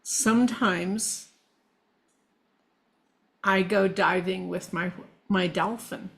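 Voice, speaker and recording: A middle-aged woman talking casually as a guest, meandering and halting with restarts. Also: mid-range voice, steady tone, creaky, a bit bright. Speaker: guest, shamanic practitioner. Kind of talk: casual conversation.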